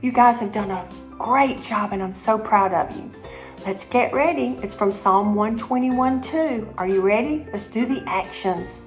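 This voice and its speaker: A woman teaching children a memory verse, slowly and clearly, with lots of praise. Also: a little high, faint music behind. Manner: warm encouraging praise, slow and clear. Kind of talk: memory verse drill for kids.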